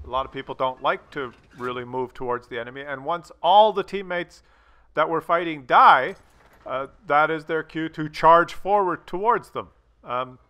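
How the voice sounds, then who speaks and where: A man commenting on gameplay, joking and teasing in a crude, casual way with plenty of fillers. His voice sits a little high and sounds bright and forceful. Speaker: gaming commentator. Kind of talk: comedy skit and gameplay commentary.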